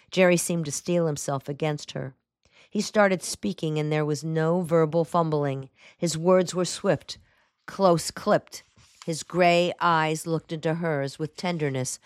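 A female audiobook narrator with a low voice delivers scripted narration of a novel in an even, measured way. The recording is dry and clean, made in a studio.

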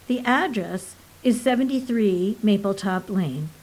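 A woman doing a stiffly polite male envoy in a storybook reading. He speaks formally and precisely, with unhurried pacing. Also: medium pitch, darkish tone, lightly acted, poor audio.

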